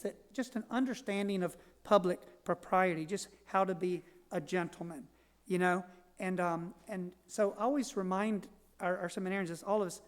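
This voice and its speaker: A man giving a homily as a priest, telling family stories in a slow, measured way with restarts and asides. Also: high-pitched. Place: large church. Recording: long church reverb.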